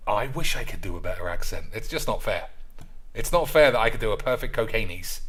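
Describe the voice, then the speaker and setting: A man's voice: fairly low pitch, lively intonation, quick pace, a bit bright. A man streaming as he builds a card game deck, rambling, joking, swearing and chatting to his audience in a casual way.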